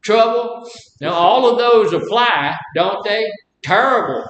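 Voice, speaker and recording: A man's voice: lively intonation, takes it slowly, lo-fi sound, crowd noise. A man from Mississippi with a Southern accent, teaching a group class in a folksy, drawling way and quizzing his students. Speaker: class instructor. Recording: roomy echo, faint rumble.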